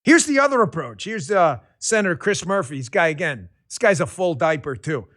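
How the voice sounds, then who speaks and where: A man delivers heated political commentary. His voice sits high for a man and he yells often, swearing and mocking with open sarcasm. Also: sing-song, a little fast. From Queens, New York. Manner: loud, passionate, profane, sarcastic. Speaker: political talk show host.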